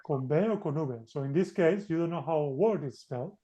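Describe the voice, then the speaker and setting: Male teacher, mellow warm voice, slightly high, patient, online class. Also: a little fast. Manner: patient, coaxing, switches between two languages. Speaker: Spanish teacher. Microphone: video call.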